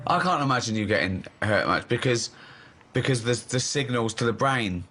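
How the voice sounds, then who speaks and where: A man's voice: medium pitch, animated, moderate pace, bright, forceful tone, faint music behind. A man hosting a comedy radio show, mocking and teasing his co-host. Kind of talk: casual comedic radio chat. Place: radio studio.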